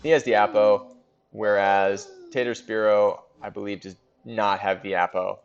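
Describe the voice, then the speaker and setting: A man's voice: lowish voice, steady tone, measured pace, smooth, muffled recording. A man hosting a casual recap of a league in a fantasy sports board game, chatting and thinking aloud with fillers.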